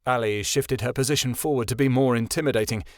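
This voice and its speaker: A man narrates a fantasy novel in a steady, measured storytelling voice. His pitch is middle of the range. The recording is dry and close to the mic. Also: dry recording. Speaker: audiobook narrator. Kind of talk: scripted narration.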